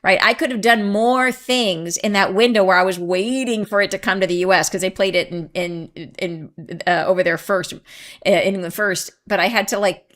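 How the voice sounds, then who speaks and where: A woman hosting a spiritual podcast, chatty and excitable, who laughs often and drifts into tangents. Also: medium pitch, moderate pace. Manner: chatty, rambling, goes off on tangents. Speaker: podcast host and channeler. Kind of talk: casual spiritual talk to listeners.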